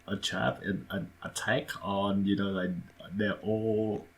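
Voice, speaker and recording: Low-voiced, hesitant man, halting speech. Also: little pitch movement, creaky. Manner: hesitant, many fillers and restarts, non-native grammar. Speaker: podcast co-host. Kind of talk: casual discussion.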